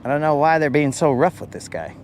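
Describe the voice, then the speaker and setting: A young man chats to his viewers while he fishes, joking and teasing in loose, slangy banter. His voice sits a little high for a man. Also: big pitch swings, brisk, darkish tone, a little hiss or hum. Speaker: fishing vlogger. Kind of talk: casual commentary while fishing.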